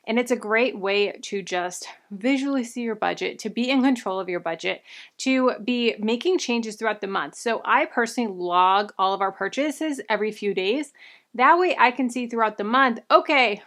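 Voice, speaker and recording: A woman's voice: medium pitch, fairly bright tone. A young woman talking through personal finance tips in a casual, upbeat way, a little out of breath from her pregnancy. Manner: upbeat, friendly, enthusiastic recommendations. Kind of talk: casual advice talk to camera.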